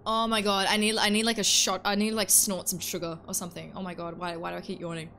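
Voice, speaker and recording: A woman's voice: medium pitch, level tone, fast talker, bright, forceful tone, slight background noise. A woman chatting casually on a live stream while playing a game, joking and greeting her chat between yawns.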